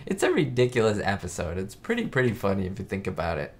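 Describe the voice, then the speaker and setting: A man's voice: lowish voice, huge pitch swings, quick pace. A man hosting a casual live-stream chat, talking in a rambling way full of "like" fillers.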